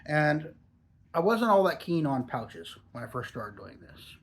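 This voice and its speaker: Chatty higher-voiced male reviewer. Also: big pitch swings, unhurried. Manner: chatty, rambling, easygoing. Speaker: product reviewer. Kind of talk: casual review vlog.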